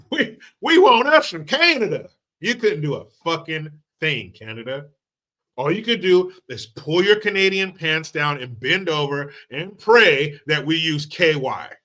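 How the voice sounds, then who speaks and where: A crude, sarcastic man hosting a commentary channel and ranting about politics with plenty of swearing and mockery. His voice is a little high and bright. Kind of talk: profane political rant.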